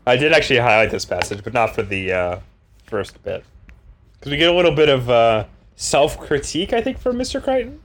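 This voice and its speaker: A man's voice: medium pitch, very animated, brisk, slight background noise. A man co-hosting a casual podcast about a novel, joking around and laughing often, with plenty of fillers. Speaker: podcast co-host.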